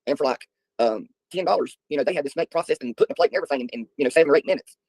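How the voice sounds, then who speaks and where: Man, middle-aged, streamer host; talks very fast, husky and raspy, casual yarn-spinning. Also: a little high, expressive, darkish tone, no room sound, poor audio. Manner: rambling, folksy storytelling with filler ums. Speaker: livestream host. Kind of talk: casual chat answering viewers.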